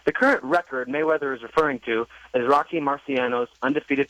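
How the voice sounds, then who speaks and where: A male caller reads his prepared rant at an even, measured pace, making his points with pointed sarcasm. His voice sits in a middle register and sounds dry and close. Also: medium pitch, dry recording, poor audio. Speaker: radio caller.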